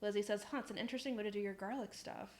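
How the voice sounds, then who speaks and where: A woman's voice: medium pitch, steady tone, racing. A young woman chatting casually on a live stream, reading out chat messages, laughing often and swearing in passing.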